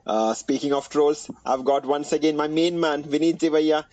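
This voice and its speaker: A man's voice: fairly high pitch, steady tone, normal speed, a little mellow, no room sound, rough recording. A man with an Indian accent hosting a casual basketball podcast, joking around and often restarting his sentences. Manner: playful, rhyming intro, frequent restarts. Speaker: podcast host.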